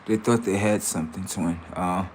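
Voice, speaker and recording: A man's voice: deep voice, moderate pace, slight background noise. A man hosting a livestream in a rambling, slangy monologue, often murmuring asides to his viewers. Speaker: livestream host.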